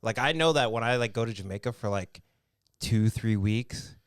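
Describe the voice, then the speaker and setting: A man's voice: on the low side, moderate pace, clean tone, dry recording, studio quality. A man co-hosting a podcast, chatting in an easygoing way and thinking aloud. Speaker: podcast co-host. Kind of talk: casual chat.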